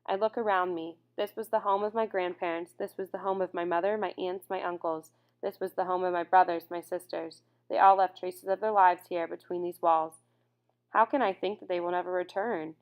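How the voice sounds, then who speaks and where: A woman narrating a first-person audiobook in a measured, reflective reading. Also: lowish voice.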